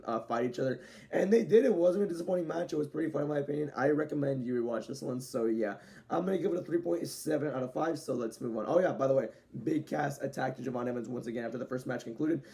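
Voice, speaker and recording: A man's voice: medium pitch, creaky, mellow. A young man giving a casual, rambling wrestling show review, correcting himself and laughing often.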